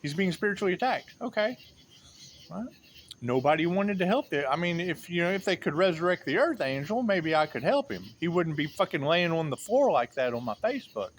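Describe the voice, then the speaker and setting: Man, tarot reader, rambling rant, repetitive and profane, slightly high voice, faint background noise. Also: big pitch swings, brisk. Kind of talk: rambling monologue.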